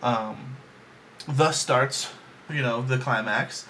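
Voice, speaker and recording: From his home bedroom, a man with a mid-range, sharp-toned voice gives a slow, casual, rambling movie review, joking around and full of ums and likes. A little hiss or hum runs under the recording.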